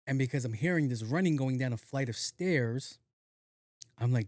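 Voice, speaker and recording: A young man hosting a podcast, telling a comic story in an animated, profane way and acting out voices. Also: mid-range voice, normal speed, dry recording, studio quality. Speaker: podcast host. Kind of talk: comedic storytelling.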